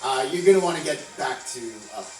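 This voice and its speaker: A man's voice: on the high side, fairly quick. A man playing a tabletop role-playing game, talking brashly and joking as his dwarf character. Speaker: player. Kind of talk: tabletop role-play chat. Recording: roomy, distant, music behind.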